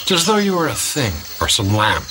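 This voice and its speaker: A man's voice: medium pitch, huge pitch swings, a little fast, heavy background noise. Brooding jungle expedition man. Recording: film audio with loud jungle ambience, insects.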